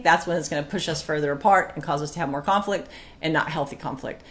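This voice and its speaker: A woman co-hosting a marriage talk, chatting casually and acting out her old arguments. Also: low-pitched. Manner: animated, acts out her past outbursts. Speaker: co-host of a marriage talk show. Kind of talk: casual chat with reading aloud.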